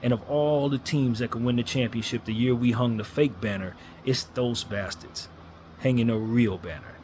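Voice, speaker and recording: A man's voice: medium pitch, moderate pace, a little mellow, a little hiss or hum. Frustrated man ranting about his team. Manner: frustrated, blunt, repetitive emphasis. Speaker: sports fan commentator. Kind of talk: ranting fan monologue.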